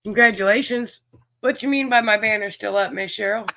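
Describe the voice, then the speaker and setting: A man with a drawl hosts a casual livestream card game. His voice sits high and bright, and he talks in a folksy, chatty way as he calls out viewers by name. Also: a little fast, creaky, no echo. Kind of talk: casual livestream chat, reading viewers' names.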